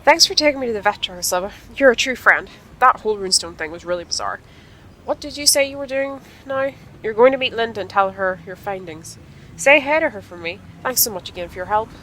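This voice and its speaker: An injured, chatty young rider who keeps talking through her dizziness and sore head, as a woman reads her game lines aloud. The voice sits bright and clear, a touch higher and louder than an everyday speaking voice, with an upbeat, lively delivery. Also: fast, a little hiss or hum, rough recording. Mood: grateful. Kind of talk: reading game dialogue aloud.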